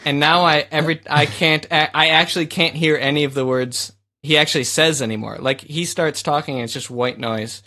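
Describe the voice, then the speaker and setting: A man's voice: fairly high pitch, fairly even intonation, a little fast, hardly any pauses, bright, forceful tone. A man co-hosting a casual chat on a group call, teasing and exasperated. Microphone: call microphone.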